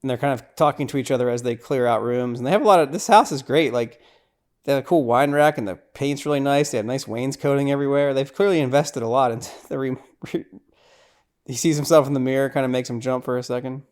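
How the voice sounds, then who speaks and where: A man's voice: mid-range voice, fast. A man hosting a podcast, casually recapping a horror movie scene by scene, with lots of restarts and repeated words. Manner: grows loud and excited at gory scenes. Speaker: podcast host.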